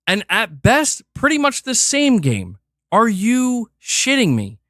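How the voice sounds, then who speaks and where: A man's voice: very high-pitched, a bit bright, no room sound, studio quality. A man hosting a stream, ranting in a heated, profane and exasperated way. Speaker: streamer host.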